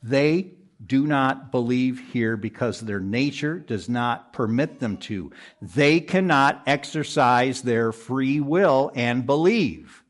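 Man, preacher, sermon, earnest, pressing, middle pitch, quick rises for emphasis, quiet low verse endings. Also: lively intonation. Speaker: pastor. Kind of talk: expository sermon. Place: room with a congregation.

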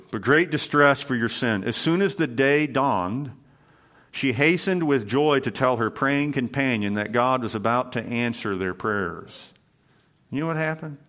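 A man's voice: fairly low pitch, fairly bright tone. A man preaching as pastor, earnest and emphatic, repeating key phrases as his sermon moves into prayer.

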